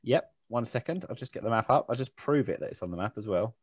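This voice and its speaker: A man's voice: mid-range voice, animated, fast talker, husky, dry recording. A man, game master, narrating a tabletop game in a rambling, self-mocking way.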